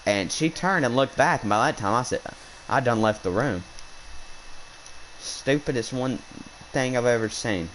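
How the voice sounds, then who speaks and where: A man's voice: medium pitch, lively intonation, measured pace, pauses often, a bit bright, a little hiss or hum, low-quality recording. A young man outdoors on a hunt, casually telling an indignant, rambling story with lots of restarts. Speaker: hunting vlogger. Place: outdoors while hunting.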